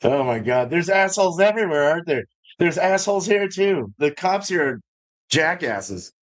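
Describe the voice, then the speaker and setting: A man's voice: high-pitched, animated, brisk. A man hosting a live home-brewing stream, chatting casually with a rambling, profane manner and frequent laughs. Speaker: homebrewing live-stream host. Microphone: streaming setup.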